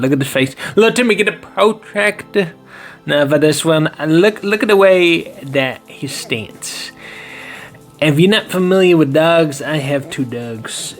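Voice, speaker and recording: Slangy hype guy reviewing cards, kinda high voice, faint music behind. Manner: hyped, slangy, jokey. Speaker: collectibles channel host. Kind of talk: comedic card review vlog.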